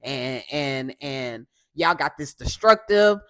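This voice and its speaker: Woman host, coarse and assertive, talks loud in a dry booth. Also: a bass voice, expressive, slow, no echo. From Houston, Texas. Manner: loud, assertive, keeps asking "okay?". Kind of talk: casual commentary monologue.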